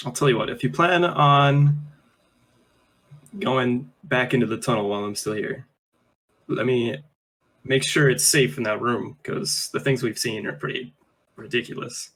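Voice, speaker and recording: Regular-pitched guy playing tabletop, rambles a lot with likes and fillers. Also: unhurried, long pauses, fairly bright tone. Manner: casual, rambling, filler-heavy. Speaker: tabletop game player. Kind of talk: casual chat.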